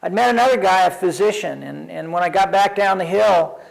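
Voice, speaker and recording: A man's voice: high-pitched, brisk, vocal fry, rough recording. An older man, an addiction counselor, telling his own recovery story in a wry, self-deprecating, conversational way. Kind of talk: personal storytelling.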